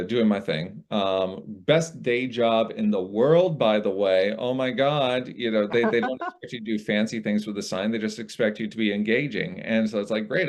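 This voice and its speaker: A man's voice: lowish voice, a little mellow. A man, a guest audiobook narrator in casual conversation, rambling and reflective, with frequent restarts.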